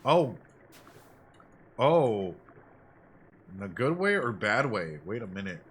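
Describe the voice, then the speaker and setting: A man who is a psychologist, chatting excitably and casually while he plays a video game. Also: lowish voice, takes it slowly, a little hiss or hum. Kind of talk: casual let's-play commentary.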